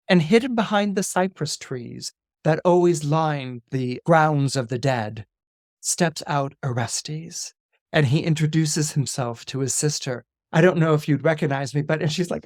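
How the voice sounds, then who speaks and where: A man, an astrologer guest on a podcast, retelling a Greek myth in a lively, dramatic way with casual asides. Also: fairly high pitch, no room sound, clean studio sound. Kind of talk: animated myth storytelling on a podcast.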